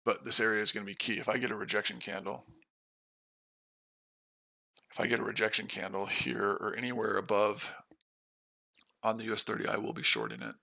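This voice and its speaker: Tired male trading-stream host: deep, sharp-edged, casual commentary. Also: flat delivery, fairly quick, vocal fry, long pauses, no room sound. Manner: matter-of-fact, casual. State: tired from no sleep. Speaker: day trader and stream host.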